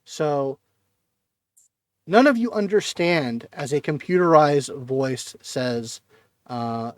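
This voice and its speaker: A man running a tabletop game as game master, describing scenes in an unhurried way. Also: on the high side, animated, no room sound.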